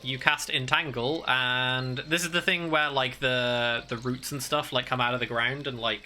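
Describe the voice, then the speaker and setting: A man narrating as game master in a tabletop game, halting and full of fillers. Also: medium pitch, fairly even intonation, sharp tone, slight background noise.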